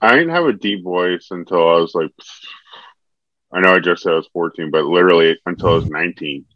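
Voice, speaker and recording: A young man co-hosting a podcast, chatting casually and joking in a deadpan way. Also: sits low, a little fast, slight background noise. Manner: deadpan, dry jokes. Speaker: podcast co-host. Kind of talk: casual chat. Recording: dull, muffled dry sound.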